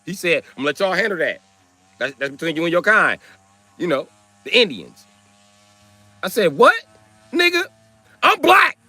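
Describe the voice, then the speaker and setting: A man's voice: on the high side, lively intonation, moderate pace, long pauses, no echo. A young man from Wisconsin with a Wisconsin accent, telling a profane story on a livestream and acting out every quote. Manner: profane, swings into loud acted quotes. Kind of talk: animated storytelling.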